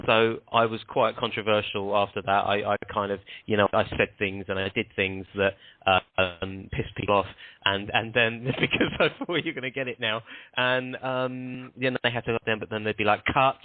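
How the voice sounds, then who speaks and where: A man's voice: on the low side, fairly even intonation, moderate pace. A man, a guest on a show, telling rambling anecdotes with lots of restarts. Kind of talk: casual interview chat. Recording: dry, tinny phone-like line.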